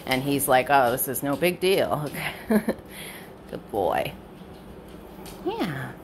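A woman dog trainer explaining a training session in casual narration at home, switching between high bright praise for her dog and low quiet explanation. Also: big pitch swings, extremely slow, a little hiss or hum. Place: indoors at home with pets.

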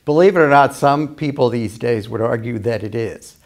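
A male history professor at UMass Amherst, speaking as an interview guest in a mid-range voice, explains ideas in a measured, lecturing manner. He lays out his arguments point by point.

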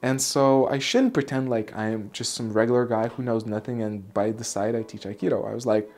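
A man's voice: mid-range voice, brisk, few pauses, darkish tone. A man, an Aikido instructor, casually telling a personal story; candid, swearing at times and restarting his sentences.

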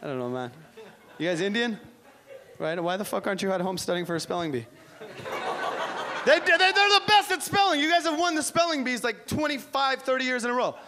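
A man from Iran doing live stand-up comedy as host, energetic, profane and teasing the crowd. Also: very high voice, fairly quick, long pauses. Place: comedy club stage. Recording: noisy club with crowd laughter.

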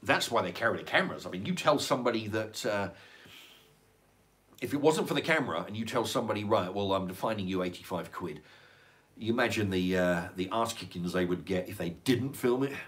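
A man's voice: on the low side, expressive, fairly quick, a bit bright. An older man, chatting casually on a livestream and reading out viewer comments, rambling, repeating words and swearing. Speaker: livestream host reading chat. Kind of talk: casual chat.

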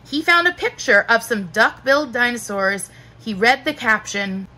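A woman teacher narrating a children's book aloud in a slow, expressive storytelling manner. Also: a little high, poor audio.

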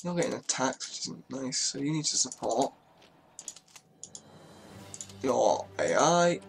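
A man's voice: mid-range voice, very animated, moderate pace, creaky, slight background noise. A man giving casual, chatty commentary on a strategy game, swearing freely and talking to his units as he moves them. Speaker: gaming YouTuber.

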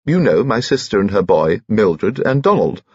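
A squeaky, chirpy old gentleman. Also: big pitch swings, normal speed, slightly rough, dry recording, highs cut off. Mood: cheerful. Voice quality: extraordinarily high-pitched, chirpy. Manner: old-fashioned colloquial, cheerful. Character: small round elderly aristocratic gentleman.

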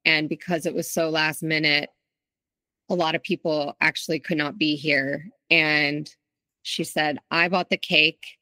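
A woman's voice: sits low, fairly even intonation, a little slow, bright, forceful tone, no room sound. A woman guest in an interview, telling her own story in a candid, reflective way with frequent restarts. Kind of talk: interview, personal account.

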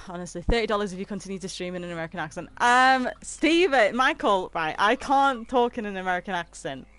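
A woman's voice: fairly low pitch, fast talker, fairly bright tone, no room sound. A woman, chatting casually with viewers on a game stream and laughing easily. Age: 20s. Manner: chatty and giggly, reading out and answering chat.

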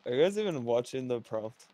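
A man's voice: mid-range voice, lively intonation, normal speed, background noise. A man co-hosting a live stream, making laid-back, dry remarks. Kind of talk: casual live-stream chat.

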